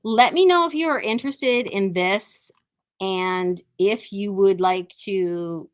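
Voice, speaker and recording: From a quilt shop, a talkative woman with a medium-pitched voice runs a laid-back live product showcase at a slow pace. She sounds warm and eager, gushing over every item, though she often stumbles and restarts her sentences.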